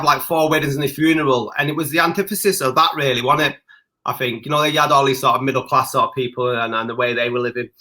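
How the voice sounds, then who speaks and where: A man's voice: fairly high pitch, sharp tone. A man co-hosting a podcast, chatting casually and bantering with frequent laughs. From Britain. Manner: jokey banter, laughs often. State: parent. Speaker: podcast co-host. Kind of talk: casual chat.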